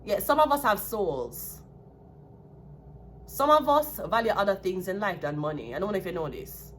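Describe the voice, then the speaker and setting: A woman's voice: mid-range voice, fairly bright tone, a little hiss or hum. A woman with a Jamaican accent giving a solo tarot reading, talking bluntly and with plenty of profanity. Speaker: tarot card reader.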